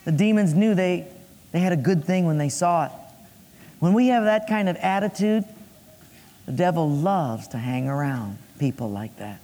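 A male preacher with a notably high voice delivers a sermon with a playful streak, slipping into character voices and puns. His words ring out with the long echo of a large hall. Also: lively intonation, normal speed, warm tone. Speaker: pastor.

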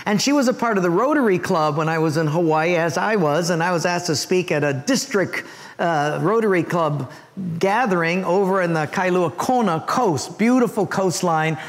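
Big-room sound fills the church sanctuary as a high-voiced male pastor preaches at a moderate pace. His sermon to the congregation is full of humor and animated storytelling with acted voices.

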